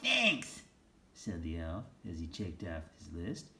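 A man reading a children's picture book aloud as storyteller, slow and lively, laughing now and then. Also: sits low, gravelly.

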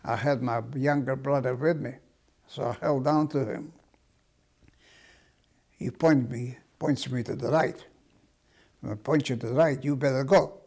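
A man's voice: mid-range voice, steady tone, measured pace, pauses often, darkish tone. An older man giving personal testimony as a Holocaust survivor, describing in a slightly hesitant way.

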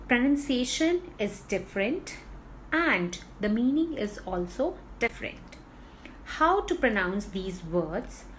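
A woman teaching pronunciation in a slow, deliberate way, repeating words to drill the stress. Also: medium pitch, a little hiss or hum, poor audio. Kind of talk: spoken English lesson.

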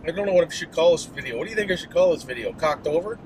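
A man's voice: on the high side, expressive, very fast. A middle-aged Canadian man vlogging while driving, ranting in a folksy, profane, mock-worked-up way. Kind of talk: casual driving vlog rant. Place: inside a moving car. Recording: noisy car interior.

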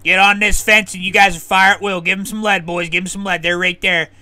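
A man with a bright, crisp voice pitched a little high leads his team in a live game stream. He rallies them with short, repeated commands over voice chat, clear and forceful. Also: level tone, fairly quick. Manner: commanding, rallying, repeats orders. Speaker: streamer leading a squad as in-game officer. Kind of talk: live gameplay voice chat, barking orders.

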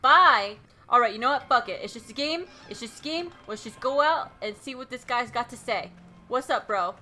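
A woman playing a horror game and reacting out loud, frightened, swearing, gasping and laughing nervously. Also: fairly high pitch, expressive, normal speed, soft background music. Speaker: let's play gamer.

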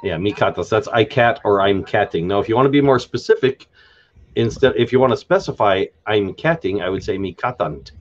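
A man hosting an unscripted live stream, explaining word endings in a halting way with many fillers and restarts, often spelling words out letter by letter. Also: on the low side, expressive, dull audio, a little hiss or hum. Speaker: live stream host explaining a constructed language.

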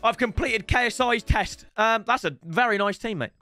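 A young man giving excitable commentary on his own football video game matches, with shouting outbursts and joking banter. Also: high voice, normal speed, dry recording, faint music behind. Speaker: gaming YouTuber.

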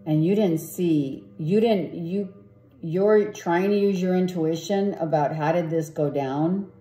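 Lady doing a tarot reading, slow and rambly, super mellow dark voice, echoey room. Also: fairly low pitch. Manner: rambling, repeats herself, asks "right?". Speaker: tarot reader.

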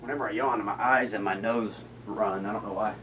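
A man's voice: steady tone, a little fast. Sleepy guy w runny nose reading off cards, chill murmur, bit of room hiss. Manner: reads out names in a low murmur, chatty asides. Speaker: card breaker. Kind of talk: casual card-break narration.

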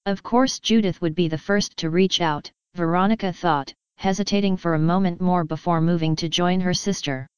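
A woman narrating a story in an even, steady way. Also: fairly low pitch, moderate pace, few pauses, clean tone, no room sound, rough recording. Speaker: story reader. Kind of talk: scripted narration.

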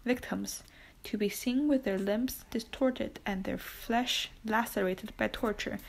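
A woman narrating an old novel in a hushed, breathy whisper, unhurried and steady. Her voice sits a little high, with a gentle gravelly texture under the whisper. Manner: soft, hushed, slow and even. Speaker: audiobook narrator. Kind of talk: whispered audiobook reading.

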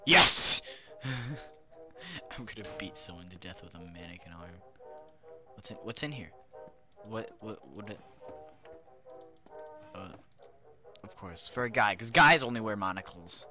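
Goofy young man narrating a game. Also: lowish voice. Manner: goofy, talks to game characters, shifts between loud outbursts and hushed whispers. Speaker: gaming commentator. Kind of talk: playful game commentary.

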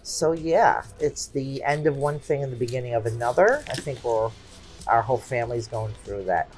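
Slow-talking effusive woman unboxing gifts. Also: a bass voice, darkish tone, soft background music. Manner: effusive, slow and chatty, exclaiming often. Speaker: craft channel host. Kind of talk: casual unboxing chat.

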